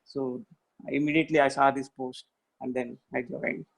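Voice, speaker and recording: A man's voice: medium pitch, little pitch movement, normal speed, creaky, poor audio. A man joining a webinar on a video call, talking hesitantly with many fillers. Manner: hesitant, with fillers and short agreements. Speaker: webinar participant. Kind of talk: casual chat.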